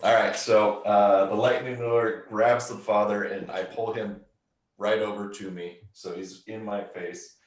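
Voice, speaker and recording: A man playing in a tabletop game, describing his character's moves in a relaxed, measured way. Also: lowish voice, roomy sound, far from the mic. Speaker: player.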